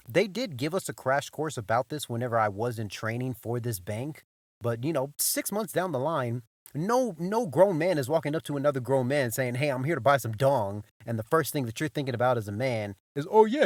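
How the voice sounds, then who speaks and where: A young man tells a story on his podcast, loose and animated, swearing freely and tossing in "bro" as he circles back over the same points. His mid-range voice sits close and dry on the mic, with no room sound around it. He talks like he is chatting with a friend. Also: medium pitch, dry recording. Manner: animated, profane, repeats himself, says "bro". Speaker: podcast host. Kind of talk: casual storytelling monologue.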